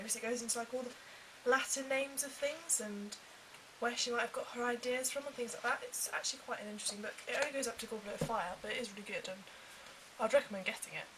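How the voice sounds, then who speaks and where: Young woman, casual vlogger, chatty and animated; a bit high; faint hiss in the recording. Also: recorded from a distance, low-quality recording. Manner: chatty, animated, quick asides. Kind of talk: casual chat to camera.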